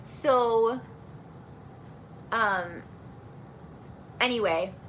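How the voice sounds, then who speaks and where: A friendly young woman talks through viewer questions as a singing teacher, loose and chatty with plenty of fillers. Her voice sits a little high and sounds bright and forward. A faint hiss runs under the recording. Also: very slow. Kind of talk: casual live Q&A chat.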